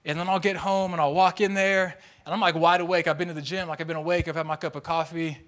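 A young man preaching a sermon, telling personal stories in a lively, animated way with playful mimicry. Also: on the high side, fast. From Tongan and Mexican heritage. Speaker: pastor.

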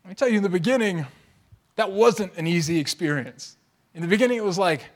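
A young man delivers a sermon in a casual, conversational way, spinning personal stories with playful mimicry and quick shifts of energy. His voice sits fairly high for a man. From Tongan and Mexican heritage. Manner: animated storytelling with lively mimicry. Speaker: pastor.

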